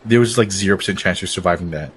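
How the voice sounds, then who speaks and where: A man's voice: low voice, rapid-fire, a little hiss or hum. A young man co-hosting a podcast, talking in slangy casual chat, calling people "dude" and swearing. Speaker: podcast co-host.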